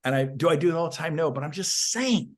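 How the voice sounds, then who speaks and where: A man's voice: fairly high pitch, animated, fast talker. A man, a real estate agent guest, giving intense, fired-up sales advice on a podcast interview.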